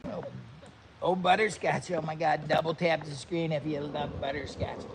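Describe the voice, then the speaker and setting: A man's voice: fairly high pitch, fairly even intonation, moderate pace, background noise. A man hosting a vlog, chatting upbeat and straight to viewers while eating and cooking. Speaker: vlog host. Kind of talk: casual chat to camera.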